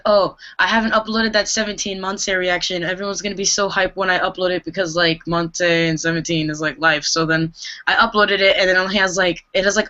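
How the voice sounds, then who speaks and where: A woman's voice: mid-range voice, bright, forceful tone. A woman chatting casually on a video call about her reaction channel, with lots of "like". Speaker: K-pop reaction YouTuber, guest. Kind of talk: casual chat. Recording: muffled lo-fi call audio.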